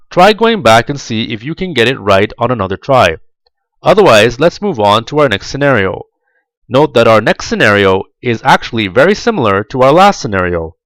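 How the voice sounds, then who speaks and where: A man narrates a step-by-step instructional tutorial, his delivery lively and full of pitch movement. He speaks slowly and deliberately, enunciating every word clearly. The recording is close and dry, with no room sound. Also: no room sound, rough recording. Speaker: tutorial narrator for job applicants. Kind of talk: scripted instructional voice-over.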